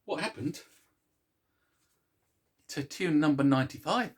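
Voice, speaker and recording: A man's voice: fairly high pitch, expressive, a little slow, breathy edge. A man hosting a casual music show, chatting to viewers in a rambling, self-mocking way, with plenty of restarts. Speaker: host of a music series.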